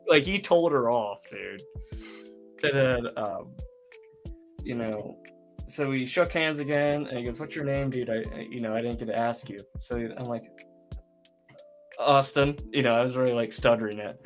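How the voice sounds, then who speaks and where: A man's voice: medium pitch, normal speed, faint music behind. A man co-hosting a casual online chat show, telling a long story with lots of fillers. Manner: rambling storyteller, many fillers. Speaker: podcast co-host.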